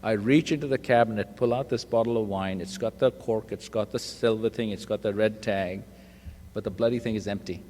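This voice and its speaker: A man's voice: on the low side, fairly even intonation, fairly quick, darkish tone, a little hiss or hum. A man giving a humorous personal testimony at a recovery meeting, self-deprecating and acting out the voices in his stories. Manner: self-deprecating storyteller, acts out quoted voices. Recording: live talk in a reverberant hall.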